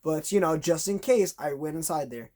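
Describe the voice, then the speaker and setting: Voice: mid-range voice, expressive, normal speed, darkish tone. Exasperated rambling vlogger. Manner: acts out conversations in a raised voice. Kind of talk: casual unboxing rant.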